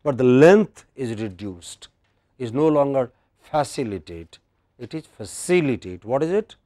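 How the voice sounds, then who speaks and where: A man's voice: medium pitch, expressive, normal speed, dark tone, no room sound. Indian man teaching word stress. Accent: Indian English. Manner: drills word stress, quizzing students. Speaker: English pronunciation teacher. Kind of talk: classroom lecture.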